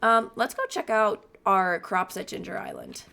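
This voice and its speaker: A young woman streaming a game from home on a boom-arm mic, chatting casually and talking to her cat in between. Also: moderate pace, gravelly, sharp tone. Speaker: gaming streamer. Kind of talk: casual gameplay chat.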